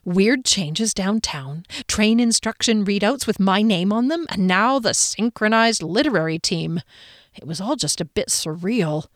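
A woman's voice: mid-range voice, animated, measured pace, no echo, clean studio sound. A woman reading a first-person audiobook in a conversational, wry storytelling manner. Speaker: audiobook narrator.

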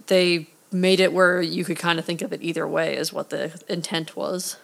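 A woman's voice: fairly low pitch, level tone, normal speed, vocal fry. A woman co-hosting a casual movie review chat, rambling and playful, now and then doing silly voices for jokes. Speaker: podcast co-host reviewing a movie.

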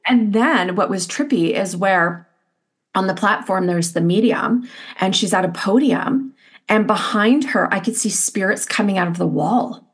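A middle-aged woman, appearing as an interview guest, tells a personal story in an animated, expressive way, her speech full of "like" fillers. Her voice is mid-range with a breathy edge, and she keeps a measured pace.

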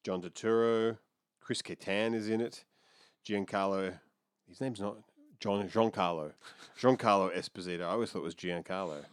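A man's voice: lowish voice, steady tone, moderate pace, clear, resonant tone, dry recording, clean studio sound. A man co-hosting a podcast, chatting casually in a rambling, hesitant way. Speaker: podcast co-host. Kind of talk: casual chat.

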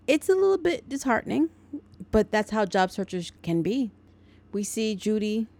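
A woman podcast host walks through a film plot in a relaxed, chatty way, stopping often to add her own opinions and asides. Her voice sits at an everyday middle pitch. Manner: chatty, editorializing. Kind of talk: casual movie recap.

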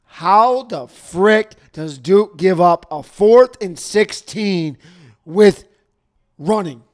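A man co-hosting a sports podcast in casual chat, jokey and excitable, getting loud then dropping to a mumble. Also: high voice, very slow. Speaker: podcast co-host.

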